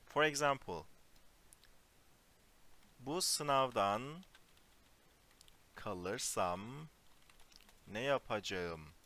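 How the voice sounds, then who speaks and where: Slow, bright-voiced male language teacher. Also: mid-range voice, animated. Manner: slow, explanatory, with Turkish example phrases. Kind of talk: online language lesson. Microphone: computer mic on a voice call.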